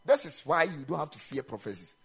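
A man preaching a sermon in a chapel, animated and emphatic, mixing in local-language phrases. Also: a little high, fast talker, vocal fry, breathy edge. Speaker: pastor.

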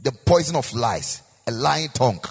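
A man's voice: mid-range voice, very animated, moderate pace, vocal fry, slightly rough. A man with a Ghanaian accent preaching a sermon as pastor, with a sing-song, repetitive delivery. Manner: preaching with sung, rising and falling emphasis and repetition. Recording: echoey hall with long reverb.

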